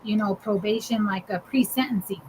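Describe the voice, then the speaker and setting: A woman's voice: medium pitch, normal speed, darkish tone, slight background noise, low-quality recording. A woman co-hosting a podcast, telling a story in casual chat, full of "like" and "dude" and laughing as she goes. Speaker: podcast co-host.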